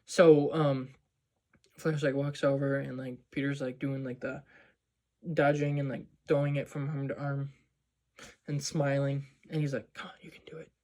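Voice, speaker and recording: A man's voice: medium pitch, flat delivery, measured pace, darkish tone. A man casually recapping a movie scene by scene, rambling with lots of "like" and "um". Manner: rambling, full of "like" and "um". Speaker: movie vlogger.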